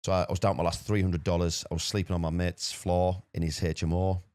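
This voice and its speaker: Man, podcast guest; rapid, deep, flat storyteller. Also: no echo, clean studio sound. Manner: rapid, animated anecdote-telling with repeated words. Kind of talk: casual storytelling.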